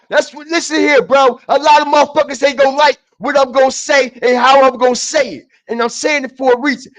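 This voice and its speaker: A man streaming a heated, profane commentary who keeps repeating his points, shifting from low muttering to shouting. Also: steady tone, a little fast, hardly any pauses. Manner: repetitive, emphatic, often repeats phrases; profane and confrontational.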